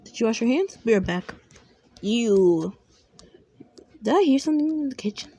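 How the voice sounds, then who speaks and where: A woman playing a caring, worried mother in a family role-play, speaking softly and often in a whisper. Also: on the high side, lively intonation, normal speed, slightly rough. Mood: scolding.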